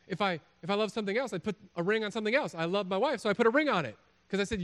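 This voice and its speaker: A man's voice: high-pitched, rapid-fire, hardly any pauses. A man preaching a sermon as a pastor, telling jokey stories and acting out little voices. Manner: animated, jokey storytelling with acted-out voices.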